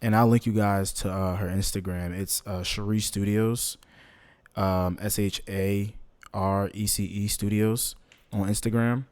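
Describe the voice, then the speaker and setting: A man's voice: lowish voice, steady tone, unhurried, darkish tone. A young man hosting a podcast, talking loosely with slang and plenty of filler. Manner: laid-back, loose, lots of ums and slang. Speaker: podcast host. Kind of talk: casual podcast monologue.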